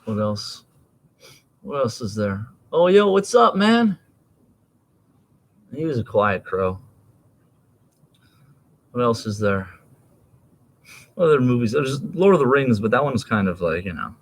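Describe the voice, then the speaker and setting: A man's voice: medium pitch, big pitch swings, a little slow, long pauses. Guy in his 30s rambling on a stream, swears a lot, voice bounces all over. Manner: rambling, profane, laughing, jumps between topics. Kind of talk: rambling casual monologue.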